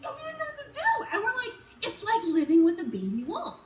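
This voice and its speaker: A children's author in her forties talks to kids with a bubbly, upbeat energy. Her voice is very high and swings up and down a lot. The sound is roomy and picked up from some distance away. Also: wildly swooping pitch, fairly quick. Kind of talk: virtual school visit Q&A.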